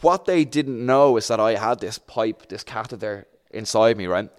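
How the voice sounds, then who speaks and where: Pitched fairly low and paced moderately, this male voice comes from a young Dublin man on a chat show. He relates a drawn-out anecdote casually and with energy, impersonating the voices within it.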